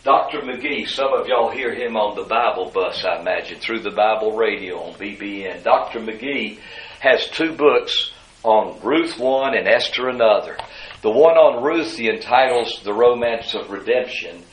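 A man preaching a sermon, moving between hushed asides and loud, high-pitched emphasis. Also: normal speed, echoey room, slight background noise, low-quality recording. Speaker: pastor.

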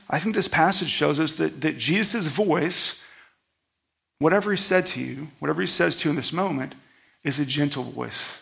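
A man preaching a sermon in a conversational style, swinging between loud outbursts and soft, hushed passages. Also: a little high, lively intonation, measured pace, gravelly, pauses often, breathy edge. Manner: conversational, self-deprecating preaching. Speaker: pastor.

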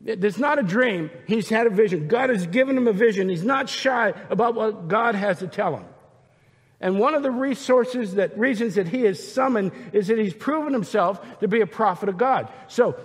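A man's voice: high voice, expressive, normal speed, breathy edge, in a large hall. A man preaching a sermon, emphatic and retelling scripture scenes with voices.

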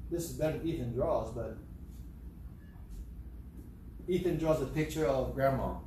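A man's voice: mid-range voice, a little fast. An older man preaching a sermon, telling stories and acting out the quotes. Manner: animated storytelling, acts out quotes. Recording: echoey room, faint background hum.

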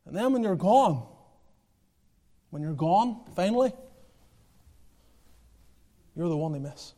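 Male preacher with a high voice, passionate and emphatic, builds to shouts and drops to quiet asides. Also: lively intonation, slow. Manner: passionate, rising to near-shouting then dropping low; repeats phrases, chuckles. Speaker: pastor. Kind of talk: sermon.

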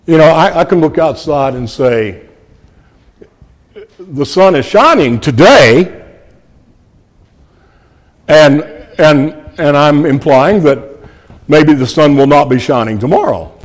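A man's voice: fairly high pitch, a little slow, big-room sound. A man preaching an expository sermon, earnest and emphatic, repeating key phrases and addressing his listeners as friends.

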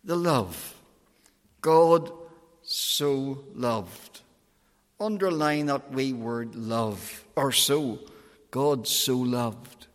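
A man's voice: mid-range voice, lively intonation. Male preacher, emphatic and pleading, long echo of a big hall. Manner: slow, emphatic pleading with soaring and falling phrases. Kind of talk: evangelistic sermon.

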